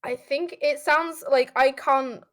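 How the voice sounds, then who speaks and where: A woman's voice: high-pitched, fairly even intonation, slow, fairly bright tone. A young woman with a British accent chatting casually, telling anecdotes with lots of "like" fillers. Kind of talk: casual chat.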